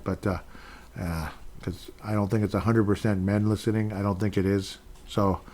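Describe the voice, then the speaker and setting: A man's voice: lowish voice, darkish tone. A man hosting his own podcast alone, rambling casually and earnestly thanking listeners over and over. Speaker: podcast host. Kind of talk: casual solo podcast chat.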